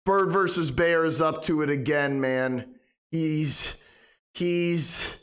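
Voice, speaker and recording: A man's voice: fairly high pitch, slow pace, a bit bright. A young man live-streaming a game with comedic, overdramatic mock panic.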